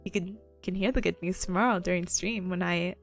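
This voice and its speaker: A woman's voice: lowish voice, steady tone, a little fast, faint music behind. A woman in her twenties streaming a casual study session, chatting with viewers and reviewing notes, with a slightly sore voice and frequent giggles. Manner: giggly, bubbly, laughs often between lines; chatty, greets viewers, acts out patients. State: sore voice, occasional coughing.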